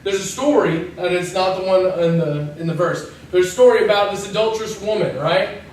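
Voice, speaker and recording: A man with a high voice gives a chatty, joking sermon and slips into little voices for the people in his stories. He is heard from a distance, in a very echoey church hall with faint noise behind him. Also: a little fast, a little mellow. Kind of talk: casual sermon.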